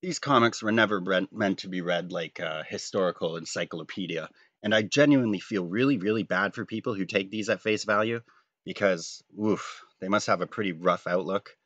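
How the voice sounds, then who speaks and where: A man's voice: sits low, fairly quick, a bit bright, dry recording, muffled recording. A man, talking casually and jokingly while drawing a comic, rambling and self-deprecating. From Canada. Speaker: comic artist.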